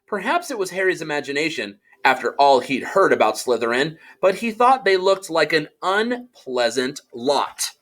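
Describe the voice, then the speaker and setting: Animated, bright-voiced male audiobook narrator. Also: a little high. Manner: animated storytelling, does character voices.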